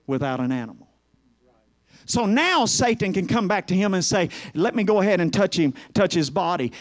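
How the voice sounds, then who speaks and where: A man with a high voice preaches a fiery sermon in a church. He shifts between hushed, weighty passages and loud calls to the congregation.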